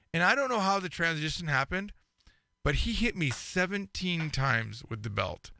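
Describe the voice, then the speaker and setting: A man co-hosting a casual podcast, with a gravelly edge and a bright, forceful tone. He tells stories in an animated way and acts out the quoted lines. The sound is dry and close. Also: a little high, normal speed, dry recording. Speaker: podcast co-host. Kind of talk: casual chat.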